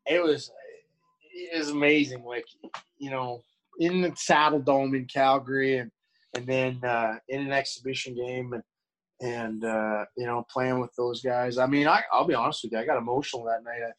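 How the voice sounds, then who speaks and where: Middle-aged man, guest storyteller, candid, rambling, many restarts, ordinary mid-pitched voice. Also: steady tone, normal speed, a bit bright, poor audio. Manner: rambling, full of restarts and fillers; candid, acts out quoted voices. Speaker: guest, former pro hockey player. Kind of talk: casual storytelling.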